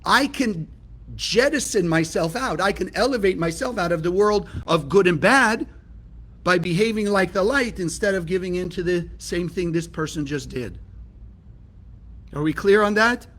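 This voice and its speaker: A man's voice: sits high, lively intonation, normal speed, fairly bright tone. A man from California teaching a spiritual lesson, emphatic and often asking his listeners rhetorical questions. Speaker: Kabbalah teacher.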